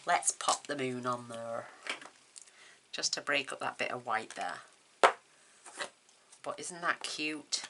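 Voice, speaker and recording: A woman hosting a card-making tutorial at home, chatting casually and thinking aloud as she works, with quick laughs. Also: extremely low pitch, vocal fry, heavy background noise. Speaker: craft tutorial host. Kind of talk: casual demonstration chat.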